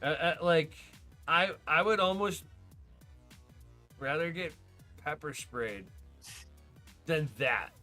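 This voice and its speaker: A man hosting a podcast in casual chat, telling stories excitedly, swearing a lot and laughing often. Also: on the high side, slow, long pauses, faint music behind. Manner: profane, excitable storyteller who laughs often. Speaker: podcast host.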